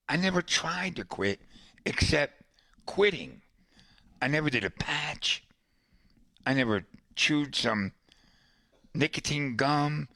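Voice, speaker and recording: A man's voice: mid-range voice, bright, forceful tone, no echo. A man hosting a podcast, telling a long personal story in a casual, conversational way, with asides to a co-host.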